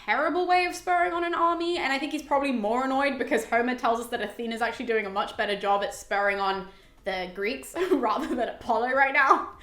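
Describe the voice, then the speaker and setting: Casual woman host, higher voice, animated and a bit crude, recorded in a roomy space. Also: fairly quick. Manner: chatty, animated, swears, lots of "like". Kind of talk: casual explainer. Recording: echoey room.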